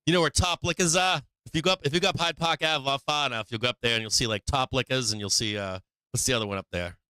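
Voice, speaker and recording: A man's voice: medium pitch, steady tone, quick pace, bright, forceful tone, smooth, no room sound. A man, hosting a livestream about the stock market, casually chatting and joking with his viewers, swearing and laughing a lot. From Massachusetts. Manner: profane, laughs often, joking with chat.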